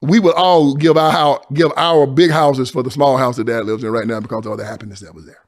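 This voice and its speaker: A man from Tennessee, talking in a preaching style, moving from loud emphasis to hushed storytelling. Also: mid-range voice, fairly even intonation, a little fast. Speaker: guest.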